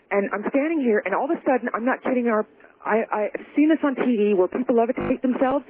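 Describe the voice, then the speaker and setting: A woman calling in to a radio show, telling her story in an excited, rushed way and talking over the host. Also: a little high, crowd noise. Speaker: caller. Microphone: telephone. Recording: tinny phone line with faint noise.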